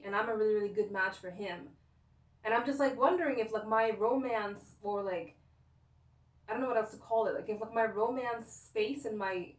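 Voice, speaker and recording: Young woman, vlogger; rambling, emotional, full of fillers; distant mic, echoey room. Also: on the high side. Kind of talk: casual personal rant to camera.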